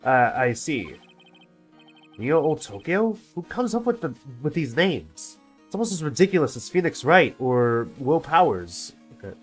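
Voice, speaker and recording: A man's voice: fairly high pitch, big pitch swings, measured pace, soft background music. A man with a sore throat reading the lines of a wry young male lawyer in a game.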